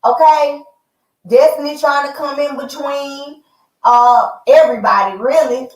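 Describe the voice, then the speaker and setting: A woman's voice: high-pitched, unhurried. Chatty woman vlogger in an echoey room. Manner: animated, chatty, addresses viewers as y'all and honey. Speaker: reality TV review vlogger. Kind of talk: casual chat. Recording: roomy, mic at a distance.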